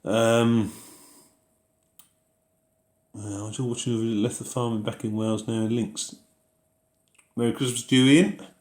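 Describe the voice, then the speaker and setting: A man's voice: mid-range voice, steady tone, measured pace, long pauses, a little mellow, echoey room. A man hosting a casual live question-and-answer chat about farming, reading out viewer messages and answering them in an easygoing way.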